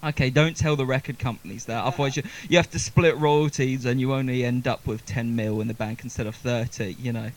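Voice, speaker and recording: A man's voice: medium pitch, steady tone, fairly quick, hardly any pauses. A man hosting a music session, chatting in an upbeat, jokey way and laughing often. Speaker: host of a music session show. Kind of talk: casual hosting chat.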